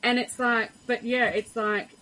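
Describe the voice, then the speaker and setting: A woman's voice: on the high side, little pitch movement, unhurried, pushed and bright, slight background noise, poor audio. A woman hosting a conversational podcast interview, chatty, acting out the voices of the people in her stories. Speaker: podcast host.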